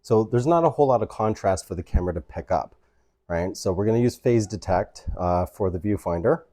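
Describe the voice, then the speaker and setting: A man's voice: fairly low pitch, expressive, a little fast, dark tone, no echo. A man hosting a casual camera tutorial at home. He explains each step and keeps checking in with the viewer by asking "right?". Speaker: photography channel host. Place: indoors at home near a couch.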